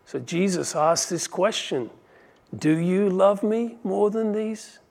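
A male pastor preaching with conviction, his voice pitched slightly above the usual male range. He builds to forceful peaks and then falls quiet to let key lines land. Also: takes it slowly, creaky. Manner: impassioned, rising and falling in volume for emphasis. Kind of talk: sermon.

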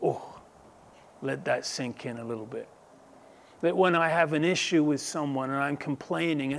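A man's voice: a little high, moderate pace. A man preaching a sermon as a pastor, earnest and emphatic, building intensity through repeated phrases.

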